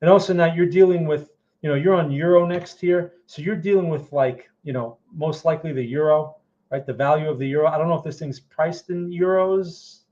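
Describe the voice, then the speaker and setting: A man's voice: a little high, a little fast, darkish tone, lo-fi sound. A man giving casual market commentary to viewers, checking in often with "right?" and "okay?" as he walks through charts. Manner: conversational, frequent "right?" and "okay?" check-ins. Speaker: trading educator answering viewer questions.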